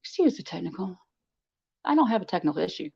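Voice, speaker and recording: A woman chats her way through a livestream, teasing her viewers and keeping up talk while she sorts out her devices. Her pitch swings up and down with animated energy. The sound is dull and lo-fi, like stream audio. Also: fast talker, gravelly, husky. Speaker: livestream host. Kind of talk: casual livestream chat.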